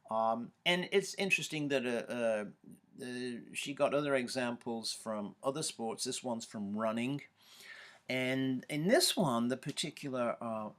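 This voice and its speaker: A man's voice: medium pitch, fairly bright tone. Give me a man lecturing at a university, hesitant, with lots of ums and uhs. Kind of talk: recorded lecture.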